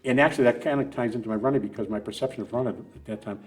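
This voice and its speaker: A man's voice: mid-range voice, very fast. A middle-aged man, a guest on a running podcast, telling long rambling stories with many restarts and asides. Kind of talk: casual storytelling interview.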